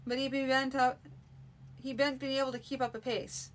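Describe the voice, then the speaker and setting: A woman's voice: high-pitched, flat delivery, normal speed, slight background noise, close to an everyday voice. A woman voicing a blunt, rustic male town guard in a fantasy story reading. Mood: boastful. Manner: rustic, plain speech.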